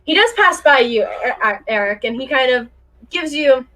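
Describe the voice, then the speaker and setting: High, lively woman game master. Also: normal speed. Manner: giggly, describes actions with many fillers. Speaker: dungeon master. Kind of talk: narrating a tabletop game over a group call.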